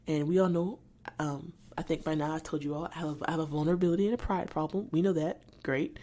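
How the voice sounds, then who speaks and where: Irritated woman venting, low and mellow. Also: fairly even intonation. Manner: irritated, venting, halting with many restarts. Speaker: podcast host. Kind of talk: solo podcast monologue.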